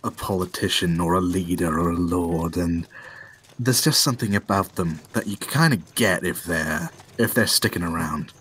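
Low-voiced man musing in character. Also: moderate pace, a bit bright, a little hiss or hum. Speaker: player. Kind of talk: in-character tabletop play.

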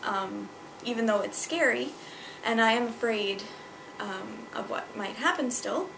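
A woman's voice: a little high, a little slow, gravelly, background noise. A young woman vlogging at home about her pregnancy, chatty and emotional, with lots of fillers, on a camera mounted on a tripod. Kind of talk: casual personal vlog. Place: at home indoors. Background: clock chiming Christmas carols.

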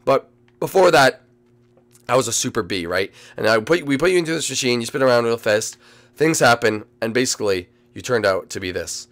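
A man's voice: medium pitch, animated, a little fast, fairly bright tone. A man voicing a male grasshopper scientist in a robot suit, explaining things in a matter-of-fact way during a Minecraft role-play.

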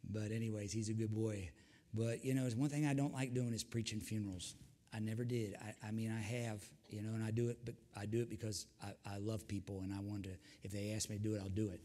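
A man's voice: on the low side, level tone, fast talker, mellow. An older man, preaching a sermon as pastor, fervent with repeated hallelujahs and folksy asides.

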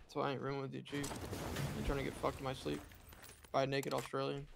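A man's voice: medium pitch, monotone, quick pace, vocal fry, noisy background. A man making callouts and teasing his friends in game voice chat. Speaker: teammate in a shooter game. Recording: loud game gunfire behind voice.

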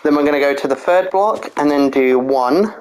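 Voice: medium pitch, moderate pace, a little mellow, clear, resonant tone, poor audio. A narrator giving a casual walkthrough voice-over of a block build, explaining each step methodically, counting aloud and correcting small slips with an apology.

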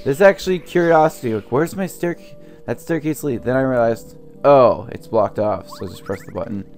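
A man's voice: mid-range voice, normal speed, darkish tone, faint music behind. Young man ranting over gameplay, swearing. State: sore throat from yelling. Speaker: let's play host. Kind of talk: gameplay commentary.

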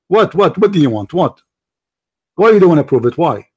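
A high-voiced man with an Arabic accent runs a heated call-in debate. He is a native Arabic speaker who talks loudly in broken English. He mocks the caller and keeps pressing him for an answer. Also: animated, fairly quick, loud music behind the voice. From Middle East. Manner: loud, mocking, badgering, broken English. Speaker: host.

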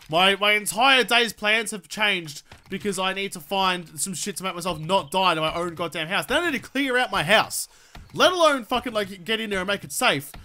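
This man's voice sits high and sounds sharp. He's a gaming video creator doing let's play commentary, cursing nonstop and ranting in frustration as he argues with the enemies on screen.

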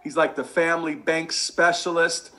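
A man coaching a sales team, energetic and repetitive, drilling catchphrases over and over. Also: a little high, moderate pace. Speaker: sales trainer. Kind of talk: energetic sales training talk.

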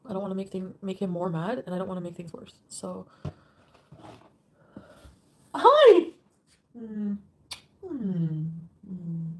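A woman's voice: medium pitch, level tone, fast, few pauses, mellow. A woman live streaming, reading out viewer comments in an emotional way and swearing often.

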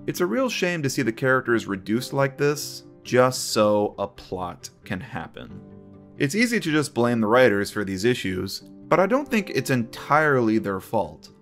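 Animated man reviewing a TV series. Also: medium pitch, normal speed, faint music behind. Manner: opinionated, conversational commentary. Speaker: video essay host.

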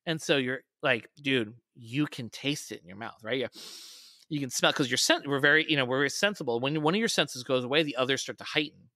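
A man's voice: medium pitch, a little fast, pushed and bright, no echo, studio quality. A man, a podcast guest, telling a story in casual conversation and raising his voice when quoting people.

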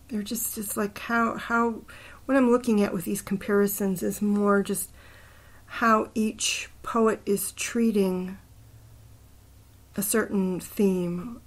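A woman hosting a casual poetry talk, thinking aloud, unhurried with fillers. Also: medium pitch, steady tone. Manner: thinking aloud, murmuring syllable counts under her breath. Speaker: poetry channel host. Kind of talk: casual talk about poems, reading aloud.

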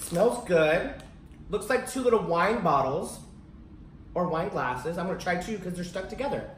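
A woman reviewing snacks in a casual, excitable unboxing vlog, chatting at home. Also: fairly low pitch, moderate pace, distant mic, a little hiss or hum. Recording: echoey home room.

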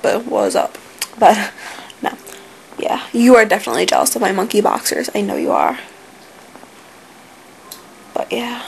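A woman's voice: mid-range voice, vocal fry, a little hiss or hum, rough recording. A young woman chatting casually on her home vlog, bubbly and full of "like" fillers. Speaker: vlogger.

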